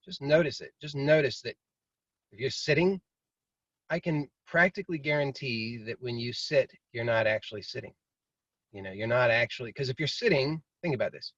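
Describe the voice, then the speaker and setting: A man's voice: medium pitch, animated, moderate pace, a bit bright, dry recording. A man teaching in a casual, rambling way, now and then acting out inner voices. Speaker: meditation teacher. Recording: dry, slightly muffled video call audio.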